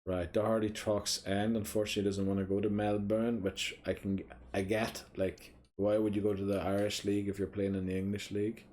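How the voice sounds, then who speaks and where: Low-voiced man muttering through a football game. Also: level tone, fairly quick, hardly any pauses, darkish tone, a little hiss or hum. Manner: mutters to himself, mild swearing, thinking aloud. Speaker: gaming streamer. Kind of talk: casual gameplay commentary.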